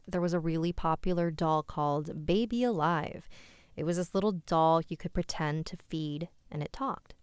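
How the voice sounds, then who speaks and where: A woman's voice: lowish voice, clear, resonant tone, dry recording, clean studio sound. A woman hosting a live stream, reading listener-submitted scary stories aloud with chatty asides.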